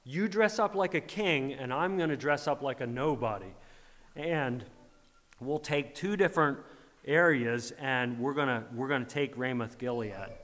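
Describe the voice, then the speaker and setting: A man's voice: fairly high pitch, fairly bright tone. A man preaching a sermon, retelling a scripture story with rhetorical questions and acted-out quotes. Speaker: pastor. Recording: long reverb of a large hall.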